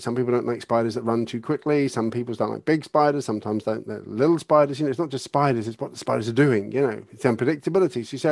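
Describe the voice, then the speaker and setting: An animated man explains how horses behave, chatting in a conversational podcast style. His voice sits at an ordinary middle pitch for a man, and the sound is dry and close, with no room around it. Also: rapid-fire, creaky, no echo. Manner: animated, acts out what horses and people would say.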